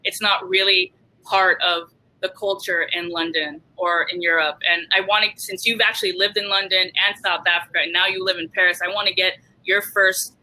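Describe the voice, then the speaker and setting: A panel host moderating a video-call discussion, speaking haltingly with many restarts and laughing along. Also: medium pitch, flat delivery, pushed and bright, poor audio.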